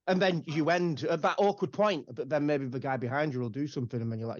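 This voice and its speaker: A man's voice: on the high side, fast, hardly any pauses, dry recording, lo-fi sound. A young English man, a podcast guest, ranting loosely and swearing freely in casual chat. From England.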